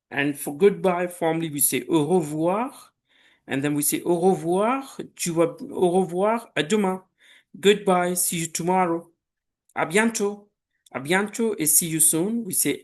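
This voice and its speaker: A man from Pakistan teaching a beginner French lesson, speaking patiently and deliberately, giving French phrases and their English meanings for the listener to repeat. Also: sits high. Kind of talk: slow language lesson with repetition drills.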